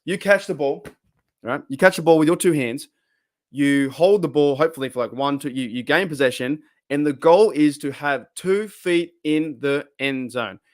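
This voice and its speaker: An Australian man in his younger years talks through a live fan stream in a loose, excitable ramble. He swears casually, restarts his sentences often and lets his enthusiasm carry him. His voice sits slightly higher than most men's. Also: no room sound, studio quality. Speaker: fan podcast host.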